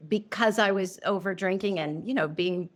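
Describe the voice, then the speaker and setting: A middle-aged woman, an interview guest telling a personal story, earnest and emotional, halting and restarting often. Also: medium pitch. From New Orleans.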